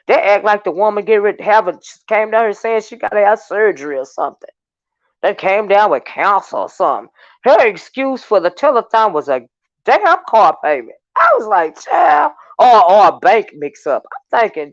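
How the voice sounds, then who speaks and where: A woman host giving casual ranting commentary, exasperated and animated, with long sighing hums between remarks. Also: medium pitch, moderate pace, no echo, lo-fi sound.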